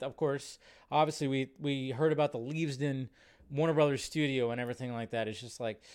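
A man hosts a casual live-stream chat and rambles through his thoughts with plenty of fillers. His voice sits a bit high and sounds smooth and clear. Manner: rambling, filler-heavy, chatty.

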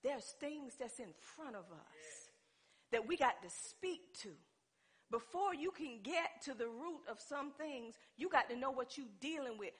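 A woman preaching with a high, bright, ringing voice. She swings from loud exclamations down to hushed, low passages, and she calls out to the congregation as she goes. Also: big pitch swings, measured pace, breathy edge. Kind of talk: sermon.

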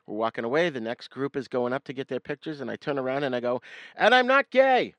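A man hosting a podcast, telling a story in a casual, animated way with frequent laughs. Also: mid-range voice, fast, no echo, dull audio. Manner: animated storyteller, laughs often, acts out quoted voices. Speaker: podcast host.

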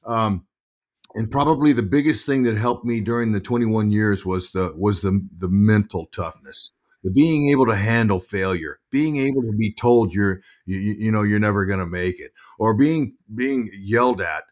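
A middle-aged man, a former ballplayer, telling stories as an interview guest in a lively, halting way that often repeats words. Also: fairly low pitch. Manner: animated storyteller, repeats words while thinking. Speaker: guest, former pro baseball player and broadcaster. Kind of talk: casual interview storytelling.

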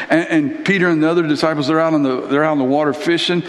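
A man preaching a sermon in a church, telling Bible stories in an animated, conversational way. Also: fairly high pitch, quick pace. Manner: animated storytelling, acting out Bible characters. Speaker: pastor. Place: church hall. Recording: echoey hall reverb.

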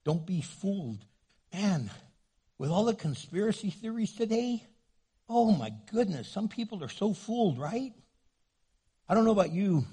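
A man delivers a sermon in a husky, fairly high voice. He is a pastor from New Mexico who keeps the congregation laughing with quips and little put-on voices. His preaching is loose and conversational. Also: sing-song, a little slow, long pauses, dark tone.

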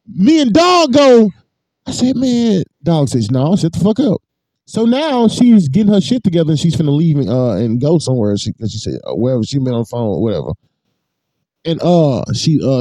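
A man with a high, very lively voice tells a rambling, profane story in casual chat. The sound is close and dry, with no room in it. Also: dry recording. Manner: animated, swings high and low while telling the story.

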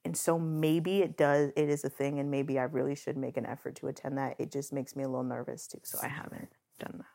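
A woman's voice: a bass voice, flat delivery, a little fast, vocal fry, few pauses, mellow. A woman co-hosting a casual podcast chat, talking in an earnest, emotional way that comes close to tears. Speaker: podcast co-host.

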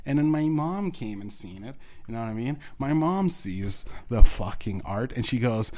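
Podcast host, man, mid pitch: a bitter, foul-mouthed rant that rambles and restarts, then breaks into shouting. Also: animated, moderate pace, few pauses. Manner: bursts into shouting. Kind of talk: angry solo rant.

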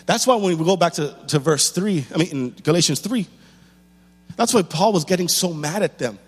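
A man preaches to his congregation, his voice sitting high for a man. He pushes through rhetorical questions and repeated lines with rising force. The sound carries a long hall reverb over a faint mains hum. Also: lively intonation, normal speed, breathy edge. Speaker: pastor. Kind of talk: sermon.

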